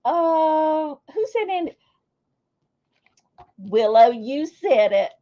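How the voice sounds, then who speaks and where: A woman chats slowly through a livestream, greeting viewers by name and teasing herself. Her voice sits a bit high and moves around a lot. The sound is dull and lo-fi. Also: animated, warm tone. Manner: chatty and self-deprecating, reads viewer names aloud. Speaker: livestream host. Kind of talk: casual livestream chat with viewers.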